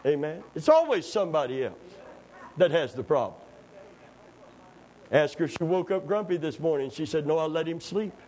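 An impassioned preacher with a high voice that leaps all over the place. He tells folksy stories and jokes, then climbs to fervent, near-shouted appeals. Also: sing-song, normal speed, pauses often, low-quality recording. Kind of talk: sermon.

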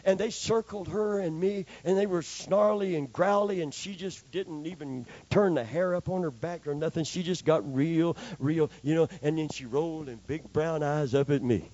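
A man's voice: a little high, normal speed, few pauses, warm tone. An older male preacher telling a homespun story in his sermon and calling for amens from the congregation. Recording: slightly dull, dry recording.

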